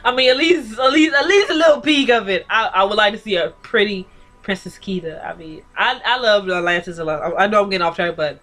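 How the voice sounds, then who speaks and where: Woman, mid pitch, casual profane TV recapper; sassy and blunt, light music bed under her. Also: a little fast, fairly bright tone. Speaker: TV recap reviewer. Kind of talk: casual episode recap and rant.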